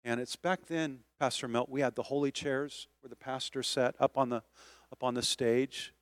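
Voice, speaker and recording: Male pastor, sermon delivery, builds from soft storytelling to loud rallying calls, dry close mic. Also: mid-range voice, level tone, moderate pace, no echo. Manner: preaching that swells from quiet storytelling to loud exhortation. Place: church sanctuary.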